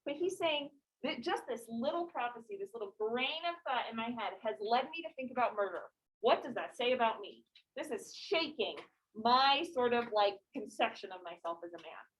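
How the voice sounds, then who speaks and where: A woman teaching a high school English class, explaining casually with lots of "like" and questions to the students. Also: poor audio. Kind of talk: classroom lecture.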